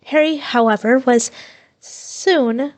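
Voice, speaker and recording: Give me a woman reading a story aloud, unhurried, with a dry close sound. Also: sits high, no echo. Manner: steady reading with small slips and self-corrections. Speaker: fan fiction reader. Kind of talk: reading fan fiction aloud.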